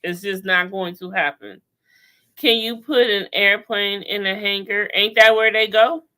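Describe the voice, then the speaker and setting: A woman hosting a casual chat over a video call, talking in an animated, sassy way with lots of slang and laughter. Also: medium pitch, measured pace. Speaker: podcast host recapping a TV show.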